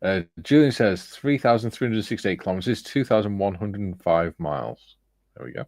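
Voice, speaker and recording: Low-voiced man reading chat. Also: lively intonation, normal speed, darkish tone, no room sound. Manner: reads viewer comments aloud, chuckling. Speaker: livestream host reading chat. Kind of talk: casual chat.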